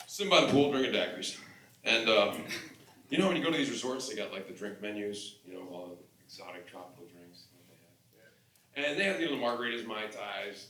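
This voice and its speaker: A man doing a stand-up comedy set on stage, telling profane, animated stories and breaking into mock shouting. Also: on the high side. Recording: echoey room from far off, noisy. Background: audience laughter.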